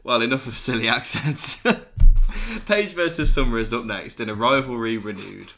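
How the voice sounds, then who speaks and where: A young man co-hosting a casual podcast, excitable, laughing and swearing as he recaps wrestling. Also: medium pitch, normal speed. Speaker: podcast co-host.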